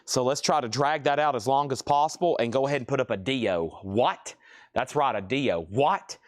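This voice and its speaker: A man's voice: medium pitch, a little fast. Chatty man running a live record auction. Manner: chatty, joking, reading out prices and bids. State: out of breath.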